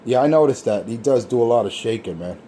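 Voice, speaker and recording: A man's voice: mid-range voice, lively intonation, quick pace, warm tone, slight background noise. A man in casual trash talk, scornful and ranting.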